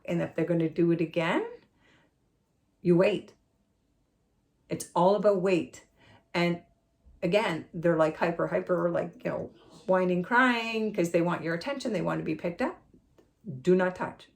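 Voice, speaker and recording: Middle-aged woman, dog trainer, lowish gravelly voice, emphatic and repetitive teaching style. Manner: emphatic, repeats words for stress, switches to high sing-song praise voice. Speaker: puppy trainer. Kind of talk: instructional talk to puppy owners.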